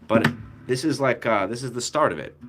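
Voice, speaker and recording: A young man talks music straight to his camera in a loose, slangy ramble. He circles his points with fillers and restarts. His voice sits in an ordinary middle pitch. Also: a little fast. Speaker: musician and content creator. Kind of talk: casual talk to camera about music.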